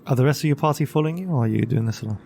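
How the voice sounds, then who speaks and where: A man's voice: mid-range voice, very fast, vocal fry, mellow. A man narrating a tabletop game as its game master.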